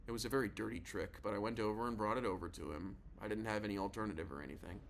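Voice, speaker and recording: A man's voice: fairly low pitch, rapid-fire, gravelly, a little hiss or hum. A male narrator giving a casual, confiding first-person reading of a novel. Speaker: audiobook narrator.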